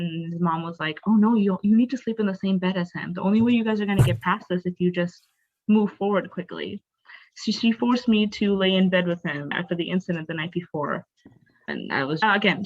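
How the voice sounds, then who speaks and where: A young woman raised in a Bengali family tells personal stories as a podcast guest, candid and earnest, with lots of fillers like "like" and "you know." Her voice is fairly low in pitch, and the audio is dull.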